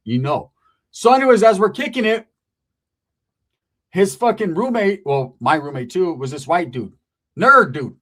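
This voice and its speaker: Guy with a highish voice telling a story, lots of slang and swearing, does little voices for people. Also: expressive, unhurried, pauses often, fairly bright tone. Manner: slangy, profane, acts out quoted voices. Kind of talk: casual storytelling.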